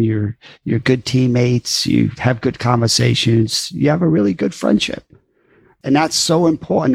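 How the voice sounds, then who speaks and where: A man's voice: mid-range voice, vocal fry, a little mellow, no room sound. A man co-hosting a podcast as a therapist, talking in an encouraging, easygoing way. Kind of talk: casual podcast chat.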